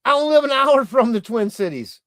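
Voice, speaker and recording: A chatty male viewer in a squeaky, put-on comic accent, as a streamer reads his message aloud. The voice is pitched well above the speaker's usual one and lands with exaggerated bounce. It sounds dry and close, with no room around it. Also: very animated, a little fast, a bit bright, dry recording, full character voice. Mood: jokey.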